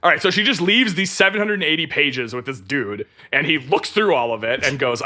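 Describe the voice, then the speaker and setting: High, lively, bright-voiced man. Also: a little fast, few pauses. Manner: swears freely, laughs often. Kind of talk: casual storytelling on a podcast.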